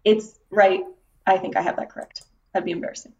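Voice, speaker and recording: A woman's voice: medium pitch, steady tone, a little fast, gravelly, a little mellow, lo-fi sound. A woman chatting casually as a podcast film reviewer, loose and talkative. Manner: chatty, many "like" fillers. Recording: voice a bit far from the mic.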